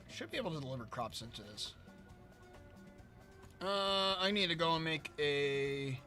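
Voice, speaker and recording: A hoarse man losing his voice, ranting in casual let's-play commentary and reading chat aloud. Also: medium pitch, sharp tone. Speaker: gaming streamer.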